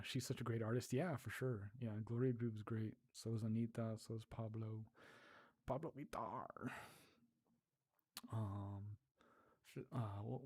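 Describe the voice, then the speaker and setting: A man hosting a casual livestream, reading viewer comments aloud, laughing often and sounding out foreign words slowly. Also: on the low side, dark tone, slightly rough. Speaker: livestream host. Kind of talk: casual livestream chat while learning a language.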